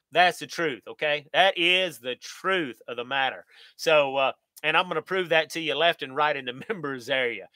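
A middle-aged American man hosts a live Q&A stream for his channel, addressing viewers directly in a folksy, upbeat manner. His voice is a little high, pushed, and bright, at a moderate pace, in a dry recording.

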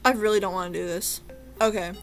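A woman's voice: medium pitch, fairly even intonation, fast talker, faint music behind. A young woman hosting a let's-play, talking nervously and anxiously to herself as she plays. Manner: nervous, jittery, with frequent anxious exclamations. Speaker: gaming channel host.

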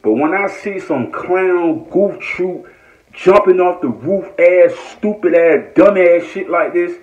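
An online commentator from Norfolk, Virginia, delivers a heated, repetitive, profane rant on a live stream. His voice is high, slow, and a little mellow, captured in echoey, dull lo-fi phone audio.

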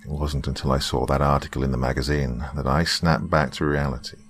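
A man with an extremely deep, low voice reads a horror story aloud. His delivery is slow and dramatic, and he sinks into whispers for effect. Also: fairly even intonation, slight background noise. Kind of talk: scripted horror narration.

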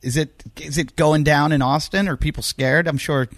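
A man's voice: a little high, moderate pace, no room sound. A middle-aged man hosting a casual podcast chat, telling stories with plenty of swearing. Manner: animated storytelling, swears freely. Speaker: podcast host.

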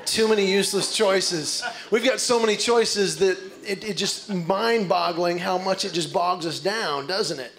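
A man performing a stand-up comedy set on stage, telling animated stories and acting out voices. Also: high-pitched, unhurried, few pauses. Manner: animated storytelling with acted-out voices. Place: stage before a live audience. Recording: live show with loud crowd and noise. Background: audience laughter.

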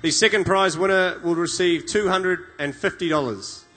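A man's voice: high voice, moderate pace, fairly bright tone, faint music behind. A man hosting a prizegiving, formal announcements mixed with friendly banter.

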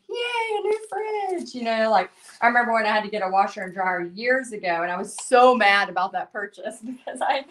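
A woman's voice: fairly high pitch, fairly bright tone. A middle-aged woman, chatting in a bubbly way as she runs a live painting lesson and reads out viewer comments. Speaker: painting instructor. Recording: voice a bit distant from mic.

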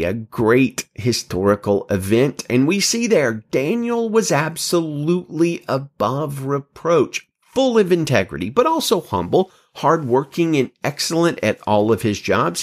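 A man teaching a Bible passage in an earnest, animated way, with a brief joke. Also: medium pitch. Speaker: pastor.

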